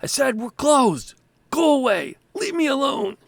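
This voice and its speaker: A man voicing a grumpy male coffin maker who shouts through a closed door for visitors to go away. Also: very high-pitched, big pitch swings, measured pace, no room sound, pitched above the performer's own voice, full character voice. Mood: exasperated. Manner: gruff, irritable, yelling.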